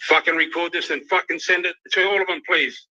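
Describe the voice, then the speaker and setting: A man's voice: on the high side, steady tone, fairly quick, bright, forceful tone. Furious swearing Australian man. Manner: furious, swearing constantly, emotional. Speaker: youth worker ranting on a livestream. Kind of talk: angry livestream rant. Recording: dull lo-fi livestream audio.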